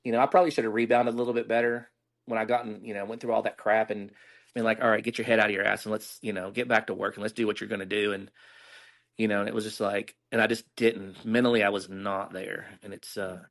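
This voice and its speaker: A man's voice: fairly low pitch, little pitch movement, fast talker, fairly bright tone. A middle-aged man, candidly telling stories as a guest in a casual interview and acting out the dialogue he quotes.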